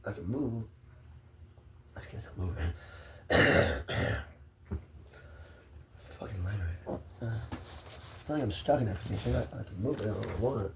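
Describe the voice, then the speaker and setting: A man's voice: lowish voice, expressive, a little slow, creaky, long pauses, fairly bright tone, distant mic, slight background noise. A stressed man rambling profanely into his phone, drifting from one idea to the next. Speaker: vlogger.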